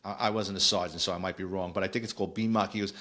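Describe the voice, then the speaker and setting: A middle-aged man, telling a casual, animated story on a podcast with lots of digressions. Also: low-pitched, rapid-fire. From New York. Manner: animated, digressive, acts out quoted voices. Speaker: podcast host, former police officer.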